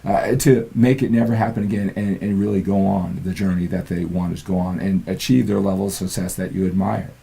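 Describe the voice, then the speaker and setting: A man's voice: sits low, steady tone, brisk, creaky, hardly any pauses, dark tone. An older man giving an earnest motivational talk as a fitness and mindset coach, often checking in with the listener. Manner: earnest, peppers lines with "right?".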